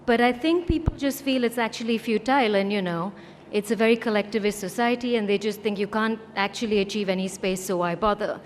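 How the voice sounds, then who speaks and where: A woman from India, once a lawyer, speaks on a conference panel in a wry, anecdotal way. She acts out each quoted exchange as she goes. Her voice sits at a middling pitch and carries a long hall reverb, with faint noise underneath. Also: a little fast, few pauses. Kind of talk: storytelling talk on a panel.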